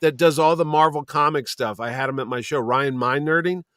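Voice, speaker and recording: A man's voice: fairly high pitch, fairly quick, no echo, clean studio sound. A man who produces and owns a comic convention, telling stories in a casual chat with loose swearing. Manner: storytelling, animated, swears casually.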